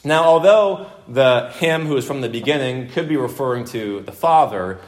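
A man's voice: mid-range voice, expressive, normal speed. Emphatic male preacher teaching scripture. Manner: emphatic, repeats points for emphasis, asks the room questions. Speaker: pastor. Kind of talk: expository sermon.

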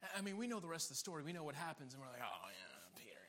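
A man's voice: fairly high pitch, rapid-fire. A man preaching a sermon, laughing often and acting out the people in the story. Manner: animated, laughing often, acting out quoted voices. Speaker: pastor.

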